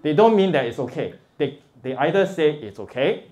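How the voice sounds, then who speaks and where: A middle-aged man from Singapore with a Singaporean English accent, giving a lively, informal lecture as a guest professor, chuckling often and checking in with his listeners. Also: a little high, a little fast.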